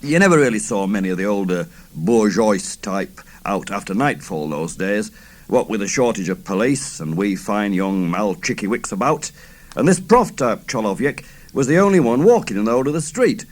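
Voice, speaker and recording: A man's voice: fairly low pitch, lively intonation, normal speed. Man in his fifties reading dramatically. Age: 50s. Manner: theatrical, swooping delivery. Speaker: author reading his novel. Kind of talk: dramatic first-person reading.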